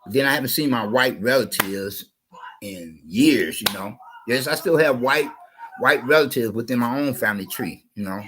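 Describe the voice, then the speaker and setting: A man's voice: medium pitch, normal speed, a bit bright, slight background noise, low-quality recording. A man with a cough telling a rambling, digressive story on his channel, often repeating himself. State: coughing, under the weather. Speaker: channel host.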